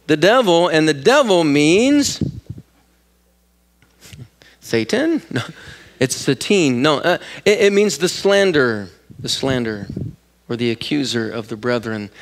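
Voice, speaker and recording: A man preaching a sermon as pastor, animated and jokey, asking the congregation questions and acting out voices in quotes. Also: medium pitch. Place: church sanctuary.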